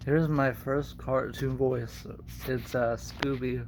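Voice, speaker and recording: A man's voice: mid-range voice, fairly even intonation, slow, hardly any pauses, a little mellow. A young man and aspiring voice actor in a casual vlog, talking in a hesitant, self-deprecating way.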